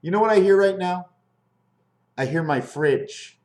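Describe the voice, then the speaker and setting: A man's voice: high-pitched, measured pace, a little mellow. A man musing in a rambling, free-associating monologue at home, asking his viewers questions as he explains his designs. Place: at home near his fridge, indoors.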